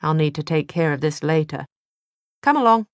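A woman's voice: deep voice, animated, moderate pace, dry recording. A woman voicing a cheerful, flippant young British man with a dry, mocking manner, read from a novel. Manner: teasing, dryly mocking.

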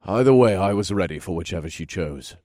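A man reading a novel aloud in measured first-person narration. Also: sits low, no room sound, studio quality. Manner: steady, measured storytelling. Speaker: audiobook narrator.

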